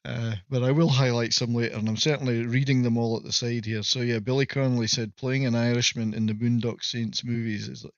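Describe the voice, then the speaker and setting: A Scottish man at a mid pitch talks loosely to his stream audience, wandering off on tangents and poking fun at himself. His voice comes through a little dull and muffled, with a dry and close sound. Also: steady tone, brisk, few pauses, no room sound. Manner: rambling, self-mocking joker. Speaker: livestream host. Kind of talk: casual livestream chat. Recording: slightly muffled, dry audio.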